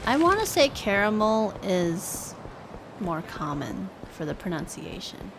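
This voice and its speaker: A woman's voice: lowish voice, big pitch swings, measured pace, background noise. A young woman streaming a game, chatting casually and musing aloud as she plays, often repeating words playfully. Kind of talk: casual live-stream commentary. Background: game music.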